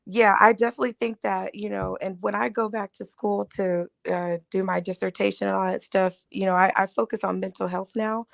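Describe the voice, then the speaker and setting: A woman speaking as a guest on a panel, earnest, with a raspy voice from a cold. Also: medium pitch, steady tone, fairly quick, few pauses. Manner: earnest, laughs between phrases. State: raspy voice from a respiratory illness. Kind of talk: casual panel discussion.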